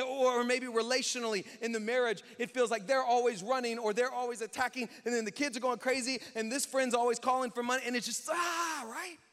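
High-pitched guy preaching in church, chatty and animated, lots of hall echo. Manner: animated, conversational, acts out quotes. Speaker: pastor. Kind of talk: sermon. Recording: long church hall reverb.

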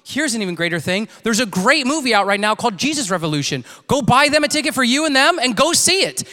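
Bright-voiced young man preaching in a hall. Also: fairly quick. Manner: animated, acts out quotes with big pitch jumps. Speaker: youth pastor. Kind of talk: sermon storytelling. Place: church sanctuary. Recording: long reverb of a large church hall.

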